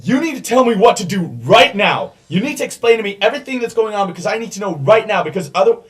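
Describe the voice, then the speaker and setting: A man voicing a panicked male hostage-taker who shouts orders in a frantic rush. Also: sits high, expressive, fast, voice pushed up.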